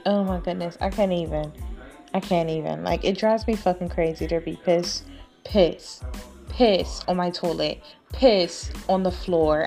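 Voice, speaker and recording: A woman hosting a podcast, telling a personal story in a casual, blunt, profane way and acting out the quotes. She sounds tired and yawns now and then. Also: lowish voice. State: tired, yawning. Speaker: podcast host.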